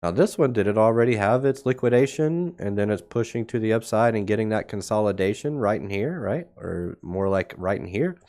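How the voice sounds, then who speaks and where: Male livestream market host, lowish voice, sarcastic and blunt, thinking aloud, slight cough. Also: brisk, hardly any pauses, darkish tone. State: coughing now and then. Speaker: crypto market show host. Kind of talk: casual livestream market commentary.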